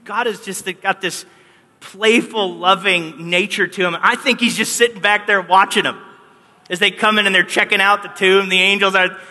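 A pastor preaches a sermon with animation, telling the story and acting out the quoted lines. His voice sits high with fairly even intonation, moving at a moderate pace and sounding pushed and bright. A long hall reverb trails his words.

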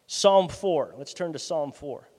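A male pastor preaching a sermon in a lively, conversational way, his loudness swinging from soft asides to sudden bursts. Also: a little high, a little slow. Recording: long hall reverb.

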